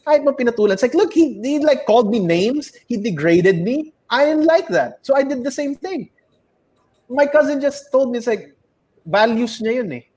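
High-voiced Filipino man telling stories. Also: normal speed. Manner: animated storyteller, acts out heated quotes loudly. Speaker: podcast co-host. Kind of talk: casual chat.

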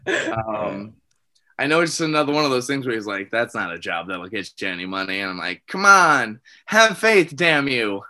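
A man's voice: lowish voice, brisk, pushed and bright. A man who is a comedian guest on a podcast, telling wry, self-deprecating stories in casual chat.

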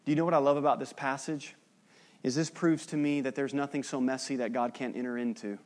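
Man preaching with loud-to-hushed swings. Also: medium pitch, fairly even intonation, brisk. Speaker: pastor. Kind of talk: sermon.

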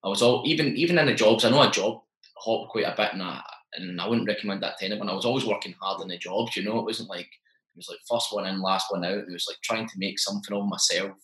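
Young man, fast chatty storytelling, bright voice, echoey room. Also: lowish voice. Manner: chatty, animated, acts out dialogue. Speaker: interview guest, business owner. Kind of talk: casual storytelling.

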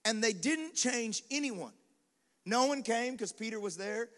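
A male pastor preaching a sermon in a lively, conversational style, with quick acted asides and dares to the congregation. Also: very high voice. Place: large venue with live congregation. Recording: long hall reverb.

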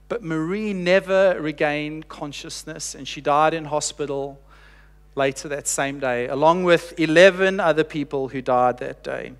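A man preaching a sermon, telling a story earnestly with slow, emphatic pauses and dropping quiet for quoted lines. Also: sits high. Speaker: pastor. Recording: long reverb of a large hall.

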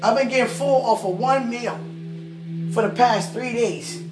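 A high-pitched woman shares a casual faith testimony, swinging between soft musing and loud, emphatic outbursts. Her voice rings in a roomy, echoing space, with music playing behind it. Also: unhurried.

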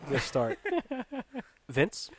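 A man's voice: medium pitch, very animated, drawn-out words, husky, no room sound. Easygoing man hosting a podcast. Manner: steers the talk, laughs at own puns. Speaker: podcast host. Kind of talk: casual chat.

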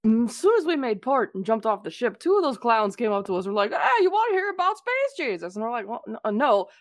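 A woman's voice: fairly high pitch, animated, quick pace, no room sound. Blunt joking woman, dry mic. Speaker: player. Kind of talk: playing a tabletop game.

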